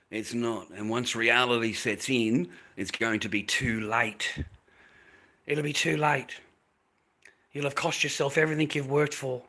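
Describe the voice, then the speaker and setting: A man's voice: medium pitch, sharp tone, poor audio. An Australian man hosting a livestream, ranting bluntly at his viewers in a profane, slangy, lecturing way. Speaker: livestream host.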